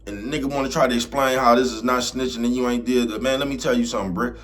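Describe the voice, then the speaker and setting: Speaking very fast, this man has a medium pitch and fairly even intonation. He's a vlogger giving a casual, streetwise rant to camera, easygoing but prone to getting loud and heated, and he keeps asking "you know what I'm talking about."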